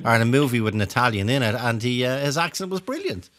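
A man's voice: medium pitch, expressive, fast, a bit bright. A man with an Irish accent hosting a radio show, chatting casually in a teasing, playful way. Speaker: radio host.

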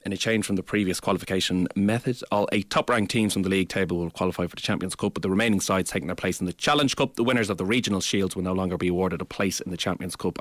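A man's voice: sits low, a bit bright, dry recording. A man presenting a radio sports show, reading news lines between jokes. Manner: jokey, laughs often. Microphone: studio microphone.

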